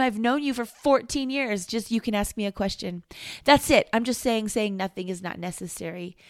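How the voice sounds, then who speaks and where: A woman's voice: a little high, no room sound, studio quality. A middle-aged woman in a candid, reflective personal monologue, often repeating phrases for emphasis.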